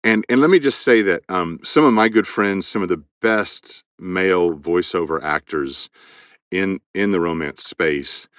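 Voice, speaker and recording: A man with a very low, fairly bright voice is interviewed as a guest about his audiobook narration work. He's unhurried and thoughtful, often restarting with repeated words as he builds toward a point, recorded close and dry with almost no room echo.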